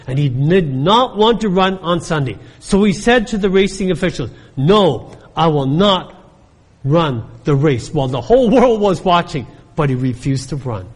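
A man's voice: high voice, lively intonation, moderate pace, hardly any pauses, husky. A pastor preaching a sermon, emphatic, who keeps asking his congregation for an amen. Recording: long reverb of a large hall.

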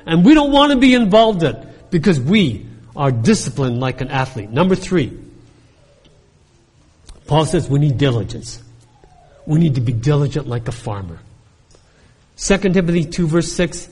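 A man's voice: sits high, very animated, moderate pace, breathy edge. A pastor preaching a sermon, emphatic, who keeps asking his congregation for an amen. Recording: long reverb of a large hall.

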